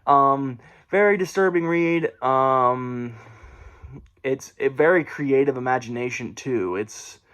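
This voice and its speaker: A man's voice: mid-range voice, slow pace, a bit bright, smooth. A man casually reviewing a horror book at home, rambling, correcting himself and laughing often. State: briefly out of breath. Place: room at home.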